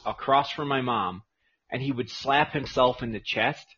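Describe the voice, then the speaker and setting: A man's voice: mid-range voice, normal speed, pushed and bright, husky. A man co-hosting a podcast in casual, profane chat, laughing often and swearing freely, on a dull lo-fi recording. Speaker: podcast co-host.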